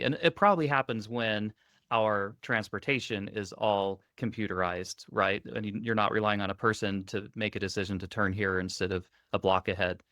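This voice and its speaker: Lower-voiced upbeat male podcast co-host. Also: no room sound, clean studio sound. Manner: relaxed, upbeat conversational. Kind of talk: casual tech podcast chat.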